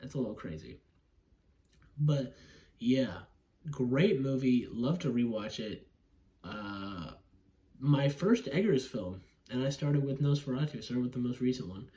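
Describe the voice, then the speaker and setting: Mellow and mid-range, this man's voice is animated but unhurried, with long pauses. He's giving a rambling, profane movie review at home, laughing a lot, acting out scenes, and yawning drowsily from time to time.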